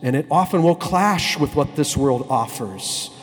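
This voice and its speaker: A man, a priest, telling a story in a sermon, slowing down and stretching words to stress them. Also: on the high side, animated, long reverb tail. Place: church.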